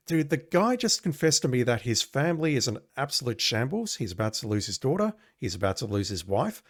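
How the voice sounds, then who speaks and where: A man's voice: medium pitch, big pitch swings, brisk, hardly any pauses, no room sound, clean studio sound. A man giving sarcastic, exasperated commentary while playing an old adventure game. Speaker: gamer playing a retro game. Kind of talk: let's play commentary.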